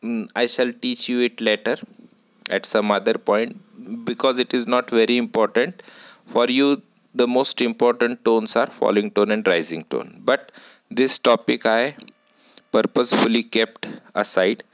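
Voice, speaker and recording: A man giving a university lecture, explaining slowly and deliberately with frequent pauses. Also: mid-range voice, no echo, rough recording. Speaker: English lecturer.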